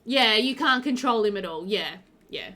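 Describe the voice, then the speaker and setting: Her voice is a little high and sharp, with lively intonation at normal speed. As a game streamer, she chats casually with her live-stream audience mid-game, responding to chat and leaning heavily on ums and likes.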